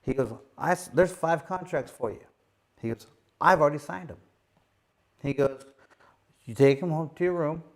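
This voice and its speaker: A middle-aged former boxing champion hosting a live show tells a long story casually, with a slightly high voice, moderate pace, and long pauses. He is animated, uses lots of fillers, and acts out the voices of people he quotes.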